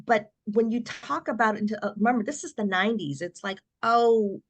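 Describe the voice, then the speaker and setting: A woman's voice: mid-range voice, fast talker, breathy edge. Woman telling her story, acting out quotes. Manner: animated storyteller who acts out quoted voices. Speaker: guest. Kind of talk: personal storytelling interview.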